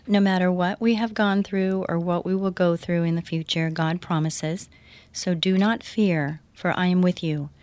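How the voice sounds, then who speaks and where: A woman's voice: on the low side, a little mellow. A middle-aged woman hosting a faith-based radio talk show, earnest and encouraging, laughing often.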